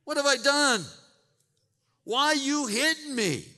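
A man's voice: extremely high pitch, very animated, extremely slow, bright, forceful tone, voice pushed up, exaggerated voice. A man voicing a put-upon talking donkey who pleads in indignant slang, heard in a reverberant hall. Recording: long reverb in a large hall.

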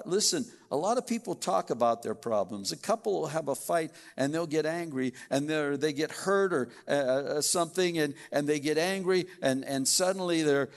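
A man's voice: on the high side, in a large hall. A man preaching a sermon in a casual, conversational way, often restarting and acting out what people say. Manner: conversational preaching with frequent restarts and acted-out quotes. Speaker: pastor.

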